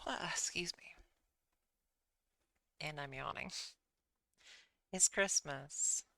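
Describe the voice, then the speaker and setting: A woman rambles through a casual stream chat, low-pitched and gravelly with plenty of vocal fry. Her voice is bright and smooth, and she keeps putting herself down and apologizing. The sound is dry and close. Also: slow pace, dry recording, in a whisper. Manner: rambling, self-deprecating, apologetic. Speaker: livestreamer.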